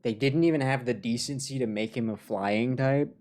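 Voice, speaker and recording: A man streaming a game live, commenting excitedly and in mock outrage as he talks to his chat. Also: mid-range voice, normal speed. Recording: game music behind voice. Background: game music.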